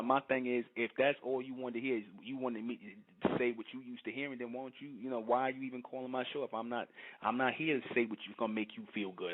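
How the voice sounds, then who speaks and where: A man hosts a call-in broadcast in a blunt, emphatic way, hammering his points with repeated phrases. His voice sits in the middle range. The audio is tinny and narrow, like a phone line. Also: mid-range voice. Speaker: call-in show host.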